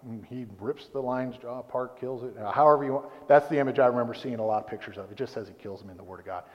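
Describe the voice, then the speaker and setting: A man's voice: mid-range voice, fast talker. A man preaching a sermon in a rambling, conversational way, often breaking off and restarting his sentences. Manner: rambling, conversational, self-interrupting. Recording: dull recording in a reverberant hall.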